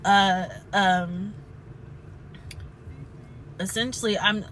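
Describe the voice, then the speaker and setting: A woman chatting earnestly and haltingly about spiritual healing, at times close to tears. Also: medium pitch, fairly even intonation, a bit bright, a little hiss or hum, rough recording. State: tearful at moments. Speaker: spiritual vlogger. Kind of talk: emotional casual chat.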